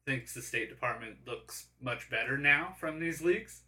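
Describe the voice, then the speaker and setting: A man in a relaxed casual chat, opinionated and quick to laugh. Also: medium pitch, a crowd in the background.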